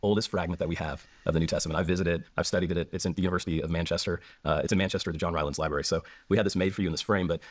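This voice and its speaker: A man's voice: deep voice, fairly even intonation, racing, hardly any pauses, dry recording. An American man, a scholar guest in an interview, explaining and telling stories with eager enthusiasm. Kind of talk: enthusiastic lecturing interview talk.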